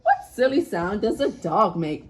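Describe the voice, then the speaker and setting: A woman's voice: medium pitch, very animated, unhurried. A woman hosting a children's video, teaching in a playful, sing-song way. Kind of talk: preschool teaching. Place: homestead.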